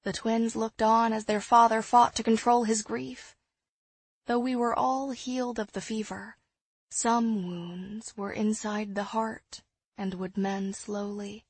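A young woman reading a first-person audiobook in a soft, measured way on a close microphone. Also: on the high side, fairly even intonation, slightly rough, no echo. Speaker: narrator. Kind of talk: audiobook narration.

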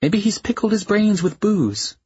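A brash, sharp-tongued young woman, as a male narrator puts her on in an audiobook. She mocks everyone in a raised, lively voice, a little husky. The recording is dry and dull. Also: high voice, a little slow, voice pushed up, heavily acted. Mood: catty. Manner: brash, mocking. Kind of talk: audiobook character voice.

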